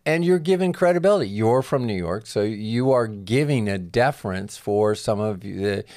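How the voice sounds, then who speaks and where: A man's voice: on the low side, expressive, normal speed, a little mellow, no room sound, clean studio sound. A man hosting a business podcast, asking long, rambling questions in a casual conversational way. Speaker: podcast host.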